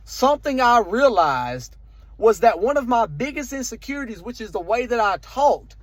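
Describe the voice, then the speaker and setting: A young man with a Southern country accent and a slight lisp, giving a fast, emphatic motivational talk to camera. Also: very high voice, very animated, no echo. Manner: fast, emphatic, repetitive preaching rhythm. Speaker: vlogger.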